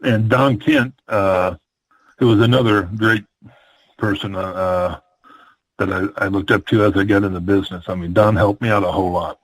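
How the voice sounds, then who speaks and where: This Midwestern retired pro wrestler, an older man, rambles through long road stories about his wrestling years in a storytelling interview, with many ums, fillers and restarts. His ordinary-pitched voice is fairly even in intonation at normal speed. The low-quality recording is close and dry, with no room sound or echo.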